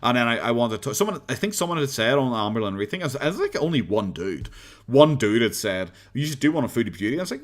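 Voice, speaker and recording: A man's voice: lowish voice, animated, fast talker. Man, Irish accent, live stream chat, rambling, laughs a lot, swears casually.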